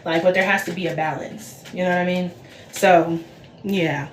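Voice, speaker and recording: A woman's voice: lowish voice, fairly even intonation, normal speed. A woman in her twenties giving a casual livestream tarot reading, chatty and repetitive, full of fillers. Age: 20s. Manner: chatty, lots of fillers, repeats herself. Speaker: tarot reader. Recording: roomy echo, faint background hiss.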